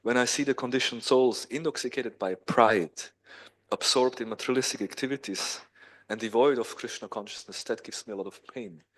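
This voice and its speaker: A man voicing a grieving wandering sage who speaks slowly of his pain. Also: medium pitch, fairly bright tone, natural voice. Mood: sorrowful. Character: Narada, a sorrowful wandering sage.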